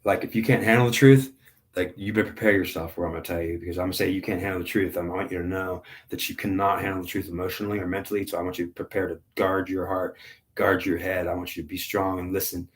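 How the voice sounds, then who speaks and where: A man's voice: sits low, level tone, quick pace. A man in his fifties giving an intense spiritual monologue, repeating himself and stumbling over restarts. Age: 50s. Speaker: spiritual reader.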